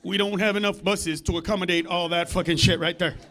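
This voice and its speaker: Stand-up comic, man, very high voice; rowdy, foul-mouthed, veers from shouted bits to muttered asides on a club stage. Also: steady tone, a little fast, some chatter behind. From United States. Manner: loud, profane, swings between shouting and muttering asides. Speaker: stand-up comedian. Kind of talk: stand-up comedy set.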